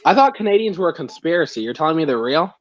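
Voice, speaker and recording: An easygoing livestream guest chatting casually, the pitch lively and moving about a lot. Sentences often trail off with a small "so", and the sound comes through dull and lo-fi, like call audio. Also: fast, slight background noise. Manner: easygoing, trails off with "so", laughs at self.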